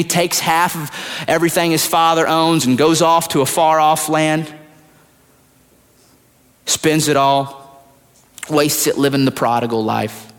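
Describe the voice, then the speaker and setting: A man preaching a sermon as pastor, swinging from loud high retellings to hushed low asides. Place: large church hall. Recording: long hall reverb, at times far from the mic.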